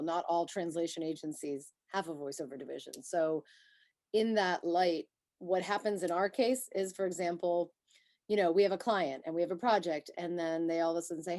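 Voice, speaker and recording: Female agency panelist; candid, animated chat, low warm tone. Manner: lively, candid and conversational. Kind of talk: panel discussion answer.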